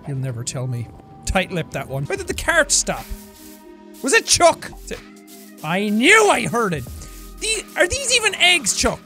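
A man giving excitable let's play commentary, swinging from yelling outbursts to low mutters. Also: unhurried, soft background music. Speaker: gameplay commentator.

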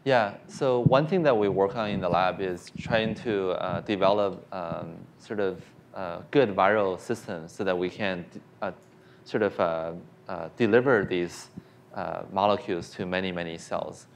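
Low-voiced man lecturing with many ums. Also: measured pace, a little hiss or hum. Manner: hesitant, many fillers and restarts. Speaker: scientist giving a public lecture. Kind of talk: lecture with audience questions. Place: lecture hall.

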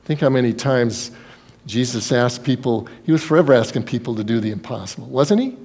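A man preaching a sermon as pastor, telling Bible stories in a lively way and acting out the people in them. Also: mid-range voice, brisk, slightly rough. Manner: storytelling, acts out Bible scenes in quoted voices.

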